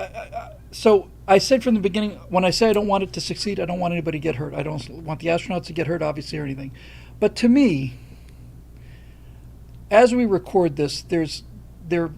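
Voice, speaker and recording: There's slight background noise as this livestream host, an older man from the United States, speaks in a slightly high, creaky voice with a darkish tone. He's blunt, emphatic and opinionated in a casual way, reading viewer donations aloud and thanking the givers.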